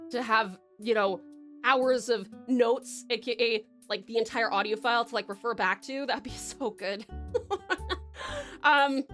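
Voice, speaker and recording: A woman's voice: on the high side, a little slow, fairly bright tone, soft background music. A young woman streamer chatting casually as she reads viewer comments, laughing often and talking with lots of fillers. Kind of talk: casual live-stream chat, reading comments.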